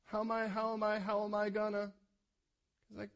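A pastor delivers a sermon with a fairly high male voice. He preaches with passion, rising to loud urgent appeals and sinking to a soft, hushed prayer. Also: monotone, normal speed, pauses often, dull audio.

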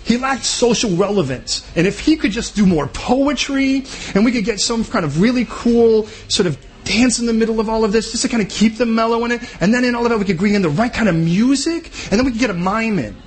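A man preaching a sermon in a conversational, joking way, acting out quick little voices. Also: extremely high pitch, lively intonation, breathy edge. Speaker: pastor.

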